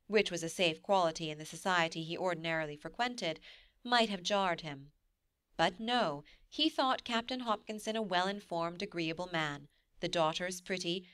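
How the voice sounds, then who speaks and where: A woman narrating an audiobook of a classic novel in a measured, expressive way. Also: lowish voice, smooth, dry recording, clean studio sound. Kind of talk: scripted narration.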